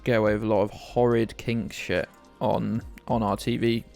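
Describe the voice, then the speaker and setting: A man's voice: lowish voice, little pitch movement, moderate pace, vocal fry, a little mellow, soft background music. A man from the UK chatting casually and rambling to viewers while streaming a game, often joking at his own expense. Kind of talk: casual live-stream commentary.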